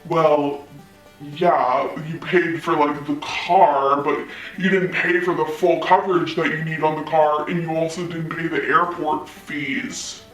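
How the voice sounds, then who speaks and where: A woman voicing a smug male rental counter clerk who talks in a flat, dismissive way. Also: deep voice, unhurried, recorded from a distance, pitched below the performer's own voice. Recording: roomy, off-mic, faint music.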